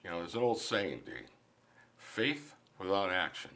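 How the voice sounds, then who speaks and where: In a recording studio interview, a man with a fairly low voice shares a personal faith story at a moderate pace. His pitch moves up and down widely, and he often repeats words when restarting sentences. He sounds animated and sincere throughout.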